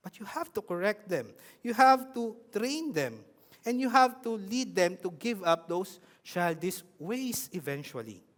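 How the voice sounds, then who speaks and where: A man with a Filipino accent preaching a sermon in an animated way, often asking his congregation questions. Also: sits high, measured pace, in a large hall.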